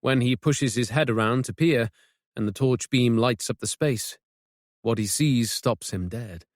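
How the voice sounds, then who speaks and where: Male audiobook narrator, mid-range, measured and suspenseful, dry close studio sound. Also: medium pitch, no echo. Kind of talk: scripted narration.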